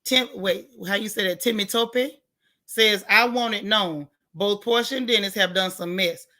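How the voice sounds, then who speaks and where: A woman hosting a casual live stream, reading viewer comments and giving outspoken, animated reactions in colloquial talk. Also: mid-range voice, moderate pace. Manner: outspoken, animated, colloquial, talks back to the chat.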